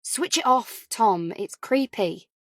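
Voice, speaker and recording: A woman's voice: a little high, expressive, slow pace, dry recording, studio quality, full character voice. Woman whispering as a flustered, exhausted young mother. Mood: defensive. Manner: defensive and flustered. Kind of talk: whispered role-play.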